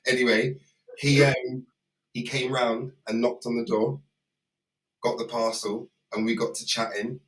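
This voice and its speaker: A man's voice: mid-range voice, little pitch movement, unhurried, roomy sound, far from the mic, rough recording. A man chatting casually and telling stories on a livestream, laughing often. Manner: laughing, storytelling, loose and chatty. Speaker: performer co-hosting a livestream. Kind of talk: casual chat.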